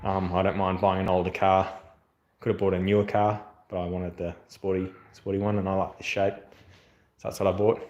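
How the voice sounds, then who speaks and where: A man's voice: sits low, flat delivery, brisk, a little mellow, lo-fi sound. A man with an Australian accent, chatting casually on a livestream, rambling with lots of fillers and reading out viewer comments. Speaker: channel host doing a livestream. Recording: echoey room.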